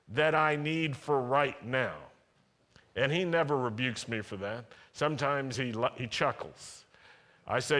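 A man's voice: mid-range voice, a bit bright, long reverb tail. A man preaching a sermon as a pastor, earnest, repeating phrases for emphasis and acting out prayers.

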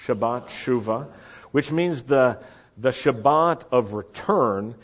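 A man preaching a sermon, slow and deliberate, repeating key phrases for the congregation to say back. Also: medium pitch, animated, lo-fi sound. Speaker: pastor.

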